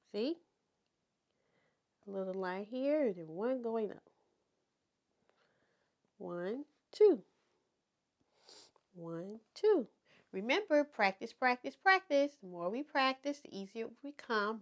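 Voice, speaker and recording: A woman teaching toddlers to write letters in a slow, encouraging preschool circle-time manner. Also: on the high side, expressive, a bit bright. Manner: slow, sing-song and encouraging, speaking to toddlers. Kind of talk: children's circle-time lesson.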